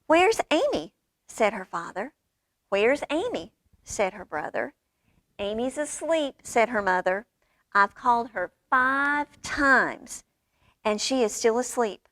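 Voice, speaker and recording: A woman reading a children's picture book aloud at a library storytime, lively and expressive with character voices. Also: fairly high pitch, slow pace, no room sound. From United States.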